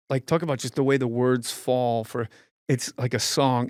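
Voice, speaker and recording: A podcast host tells comedic stories with plenty of swearing, animated and acting out scenes. His mid-range voice runs at normal speed, recorded with studio quality and no echo.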